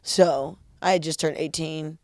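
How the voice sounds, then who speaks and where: A woman's voice: sits low, steady tone, measured pace, a little mellow, no echo, clean studio sound. A young woman with an American accent, a comedian guest telling a story in casual chat, hesitant with many fillers.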